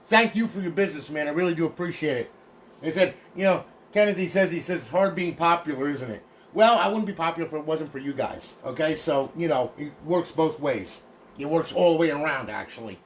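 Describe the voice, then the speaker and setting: A man's voice: fairly high pitch, fairly quick, a little hiss or hum. A man casually walking through modded game consoles on a livestream, chatty and folksy, thanking each buyer by name.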